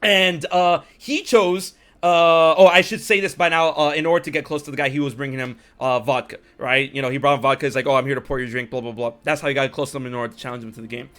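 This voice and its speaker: A man hosting a podcast, casually retelling anime scenes in an animated, swearing storyteller's manner. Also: medium pitch, fast, hardly any pauses. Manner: animated storyteller, acts out characters, swears freely. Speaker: podcast host.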